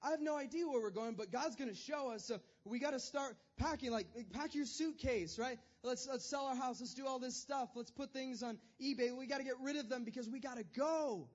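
A man acting out an excited, frazzled husband who is urging his family to pack up and move. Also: lo-fi sound. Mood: frantic. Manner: hurried and overexcited, higher and louder.

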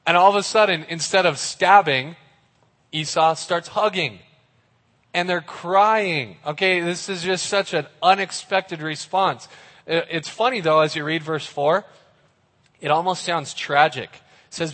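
Playful preacher man, animated and audience-involving, a bit high-voiced, long hall reverb. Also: a little slow. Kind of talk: lively youth sermon.

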